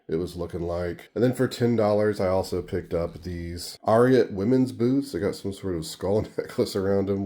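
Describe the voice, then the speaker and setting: Low, monotone man with a dark voice. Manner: monotone, dry sarcasm. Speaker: reseller vlogger. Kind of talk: casual haul rundown.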